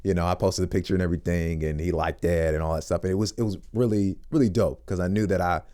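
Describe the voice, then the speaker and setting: A young man telling a story in a casual interview, animated and acting out what people said. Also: quick pace. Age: young adult. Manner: animated, acts out quotes in high squeaky voices. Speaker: voice actor guest.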